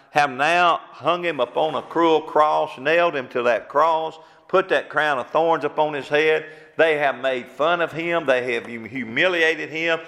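A middle-aged preacher delivering an emphatic sermon full of rhetorical questions. His gravelly, bright voice sits a little high. It rings through a long hall reverb.

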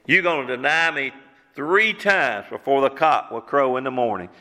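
A man voicing Jesus as a calm, solemn man who speaks low and gently. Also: moderate pace, in a large hall, close to an everyday voice.

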